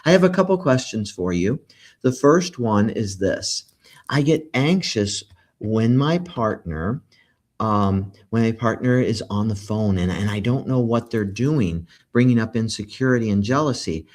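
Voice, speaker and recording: A man's voice: on the low side, lively intonation, a little slow, darkish tone. A man hosting a podcast, talking earnestly in a casual conversation and reading out listener questions. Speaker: podcast host.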